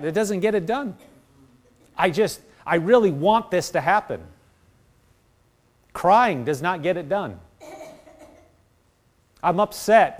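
A man's voice: sits high, sing-song, unhurried, long pauses. A man preaching a sermon, earnest, acting out the prayers of the people he addresses. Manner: earnest, acts out prayers in quoted voices.

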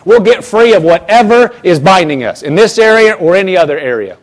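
A man's voice: high-pitched, animated, a little fast. A man preaching a sermon as pastor, emphatic, often repeating phrases and restarting.

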